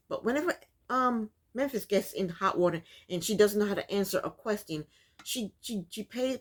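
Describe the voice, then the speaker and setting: Woman, casual TV recap host, opinionated and rambling, mid pitch. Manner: opinionated, many ums, repeats points. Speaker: reality TV recapper.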